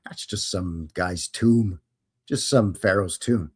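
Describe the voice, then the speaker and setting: A man's voice: low-pitched, slow pace, darkish tone, breathy edge. A man hosting a live show, chatting casually and greeting viewers by name. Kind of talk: casual livestream chat.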